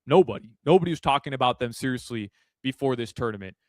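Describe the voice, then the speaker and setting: A man as a guest analyst in a casual sports radio chat, animated and full of fillers and restarts. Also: mid-range voice, fast, dry recording. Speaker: soccer betting analyst guest. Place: Miami.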